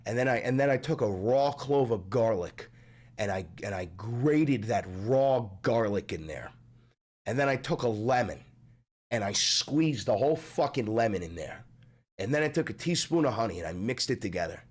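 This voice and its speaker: A young man chats casually and profanely on a live stream at a normal speed, his voice deepened since an illness. He's animated and rambling, swears a lot, and lurches between mumbling and yelling.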